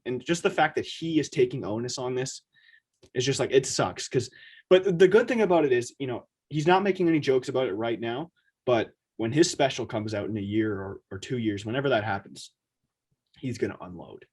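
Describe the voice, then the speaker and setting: A man co-hosting a podcast in a casual chat, talking in an animated way and acting out quotes in quick asides. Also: mid-range voice, slightly rough. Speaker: podcast co-host.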